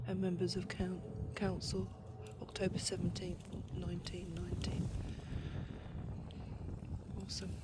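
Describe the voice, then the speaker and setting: A woman narrating a walking travel vlog through cemetery grounds outdoors, speaking softly and reflectively and often dropping to a hush. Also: mid-range voice. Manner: reflective, soft-spoken, often drops to a hush. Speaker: travel vlogger. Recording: clear outdoor background noise.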